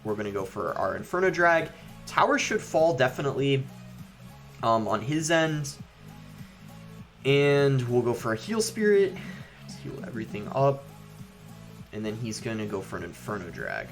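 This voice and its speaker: A young man talks through his gameplay in a relaxed, offhand way. His voice sits at an ordinary middle pitch, and he fills pauses with ums as he thinks aloud. Soft background music plays underneath. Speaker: gaming YouTuber. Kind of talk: live gameplay commentary.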